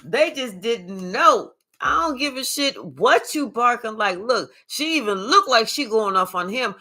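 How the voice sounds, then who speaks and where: A woman's voice: a little high, moderate pace. Sassy, cussing woman reading tarot. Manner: sassy, profane, animated street talk; chatty with live viewers. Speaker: tarot reader. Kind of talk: live tarot reading chat.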